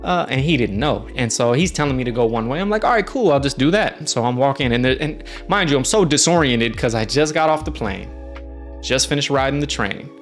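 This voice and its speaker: A man casually telling a travel story on his stream, animated and jumping into quoted voices. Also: medium pitch, brisk, soft background music.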